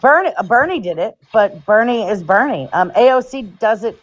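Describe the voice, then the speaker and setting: A woman's voice: fairly high pitch, lively intonation, normal speed, dull audio. A woman in a political chat who argues bluntly, lays out examples and swears freely.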